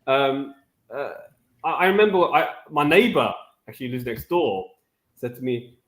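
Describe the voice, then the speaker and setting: A man's voice: medium pitch, animated, moderate pace, echoey room. A man on a discussion panel, telling stories with animation and imitating other people's voices. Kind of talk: casual panel chat.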